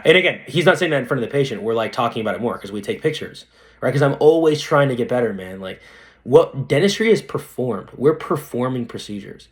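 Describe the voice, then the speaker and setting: A man's voice: medium pitch, quick pace. A young man, a dentist guest on a podcast, chatting casually and animatedly, full of slang. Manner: animated, slangy, says dude a lot. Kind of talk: casual interview chat.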